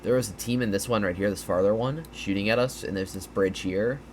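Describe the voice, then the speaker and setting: Over slight background noise, a man with a fairly low pitch speaks a little fast. He's casually breaking down gameplay on a map, tired and yawning, rambling a bit with fillers and false starts.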